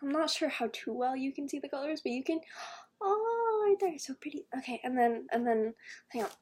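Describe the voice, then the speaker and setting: A young woman talks casually to her viewers in a vlog, excitable and giggly. Her voice sits a little high. She gasps with delight and often drops to a near whisper. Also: fast talker, a little hiss or hum. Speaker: vlogger.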